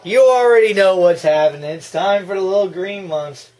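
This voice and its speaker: Excitable high-voiced man reacting to a movie. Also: fairly quick, soft background music. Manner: excitable, gushing, bursts into laughs and yells. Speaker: movie commentary host. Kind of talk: casual movie reaction commentary.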